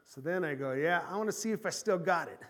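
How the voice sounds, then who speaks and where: A man in his forties, a pastor telling a personal story in an animated sermon, swinging from loud bursts to hushed tones. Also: fairly high pitch, fast. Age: 40s.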